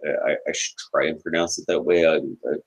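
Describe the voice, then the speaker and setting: A podcast host with a very deep voice, talking casually about a TV show. He often stumbles and repeats his first words before getting a sentence going, in a relaxed, informal conversation. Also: fairly quick, breathy edge, rough recording. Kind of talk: casual chat about a TV episode.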